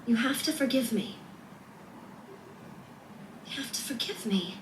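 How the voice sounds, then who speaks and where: An actress playing a woman pleading with her angry boyfriend in a TV drama, earnest and soft-spoken. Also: on the high side, animated, unhurried, background noise. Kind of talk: TV drama acting. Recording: roomy, distant TV clip audio.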